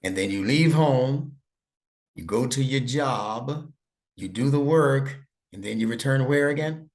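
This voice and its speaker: A man's voice: medium pitch, measured pace, a little mellow. A man teaching an online lesson over a video call, patient and encouraging, praising his student often. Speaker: instructor.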